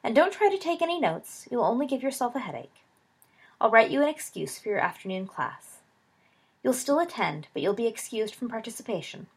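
A woman reading a brisk stern school matron. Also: a little high, big pitch swings, husky, voice pushed up, exaggerated voice. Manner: brisk, instructive.

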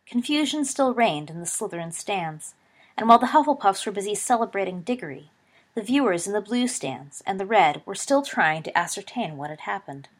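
A woman narrating a story aloud, reading with expressive swings in volume. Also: medium pitch, a little fast. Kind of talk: audiobook reading of fan fiction.

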